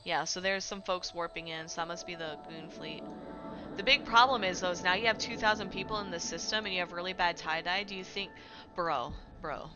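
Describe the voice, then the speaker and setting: A woman game streamer giving excited, chatty, slangy live commentary as she watches and plays. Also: lowish voice, brisk, low-quality recording. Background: background music.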